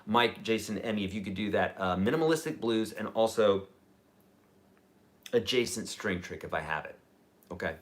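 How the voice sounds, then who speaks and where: A man teaching a live-streamed guitar lesson, chatty and energetic, with lively jumps in pitch and loudness. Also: moderate pace, long pauses. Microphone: camera mic.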